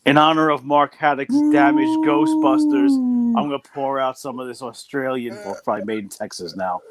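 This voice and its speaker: A man's voice: mid-range voice, lively intonation, a little fast, noisy background. A man from the New York area co-hosting a podcast, ranting bluntly and swearing a lot. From northern East Coast of the US, New York area. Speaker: podcast co-host. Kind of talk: casual podcast chat.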